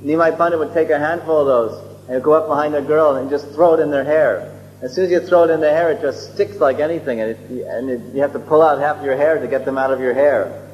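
A man recounts a sacred story as a sermon, chuckling and wandering off into asides as he restarts his sentences. His voice sits a little high. It rings through a long, reverberant hall on a dull recording with a faint hum. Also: steady tone, brisk. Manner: chuckling, digressive, many restarts. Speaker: religious storyteller.

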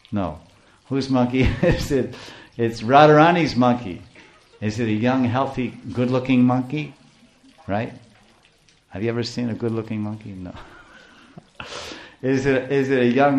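Male spiritual teacher, fairly low voice, playful and lively devotional storyteller who laughs often.

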